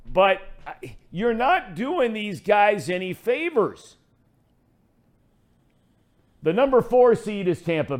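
A middle-aged man hosting a sports talk radio show, ranting in a fired-up way. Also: a little high.

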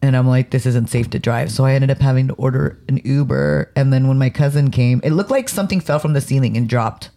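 A woman's voice: rumbling low, fast talker, hardly any pauses, mellow. A woman co-hosting a casual podcast chat, telling rambling anecdotes and laughing often. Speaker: podcast co-host.

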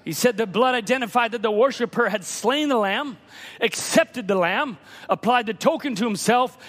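A man preaching a fervent sermon, shouting at times and dropping to hushed low tones. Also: expressive, moderate pace. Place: church. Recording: long reverb of a church hall.

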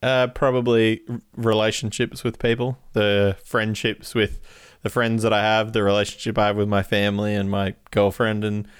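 A man's voice: on the low side, little pitch movement, normal speed, clear, resonant tone, dry recording, studio quality. A man chatting casually as a podcast guest, rambling through his answers and laughing between them.

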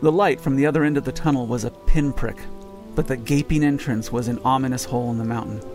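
A man reading an audiobook in measured scripted narration. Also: medium pitch, fairly even intonation, a little mellow, faint music behind.

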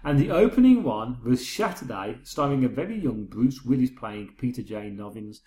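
A man's voice: medium pitch, very animated, moderate pace, warm tone, reverberant. A middle-aged man co-hosting a casual podcast chat, rambling and retelling scenes with quoted dialogue. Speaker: podcast co-host.

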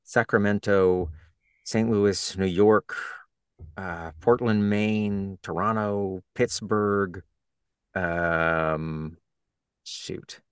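A man's voice: sits low, fairly even intonation, very slow, clear, resonant tone, dry recording, clean studio sound. A man who is an audiobook narrator and author, talking as a guest in a podcast interview and explaining things in a thoughtful, reflective way.

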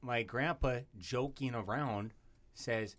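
A man's voice: medium pitch, takes it slowly. A man co-hosting a podcast, telling a rambling story in casual, profane chat. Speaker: podcast co-host.

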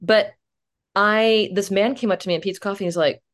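Animated young woman telling a story. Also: mid-range voice, brisk. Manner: animated, self-mocking, swears casually. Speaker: podcast guest, comedic actress. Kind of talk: casual interview storytelling.

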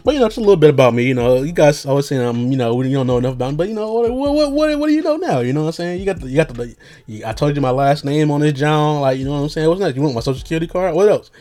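A man's voice: medium pitch, racing, warm tone. A young man rambling casually as a podcast host, loose and slangy with lots of fillers and jokes.

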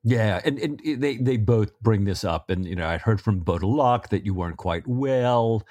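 A man's voice: on the low side, expressive, normal speed, darkish tone, no echo. A man co-hosting a casual book discussion podcast, loosely retelling scenes with stammering restarts. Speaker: podcast co-host.

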